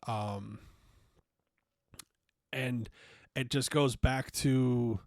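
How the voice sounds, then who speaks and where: A man's voice: medium pitch, fairly even intonation, drawn-out words, no room sound, studio quality. A young man hosting a podcast, telling a personal story in a blunt, profane way and acting out the dialogue. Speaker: podcast host. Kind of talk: casual storytelling monologue.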